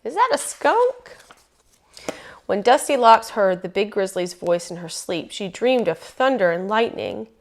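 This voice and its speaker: A woman reading a picture book aloud in a lively, folksy storytelling manner. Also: medium pitch, moderate pace, hardly any pauses, slight background noise.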